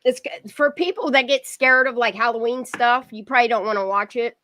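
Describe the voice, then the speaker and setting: Bright, chatty woman hosting a livestream. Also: on the high side. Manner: chatty, greets viewers, talks in quick bursts. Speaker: livestream host. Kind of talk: casual livestream chat.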